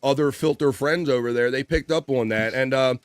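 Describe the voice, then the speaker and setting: A man hosting a relaxed livestream talk show, reading viewer comments aloud and riffing on them. He laughs often and swears casually. His voice sits mid-range, recorded close and dry with no room sound. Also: mid-range voice, a little fast, clean tone, no echo. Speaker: livestream host.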